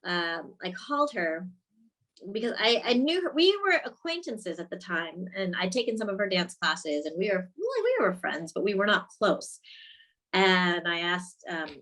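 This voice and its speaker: Female director guest; animated, laughing storyteller who performs her quotes. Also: on the low side, moderate pace, low-quality recording. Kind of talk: casual interview chat.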